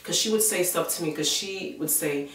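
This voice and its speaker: A woman vlogger telling a personal story in a casual, animated way. She acts out the voices of the people she quotes and fills gaps with "blah blah". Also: fairly low pitch, moderate pace. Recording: echoey room, mic at a distance.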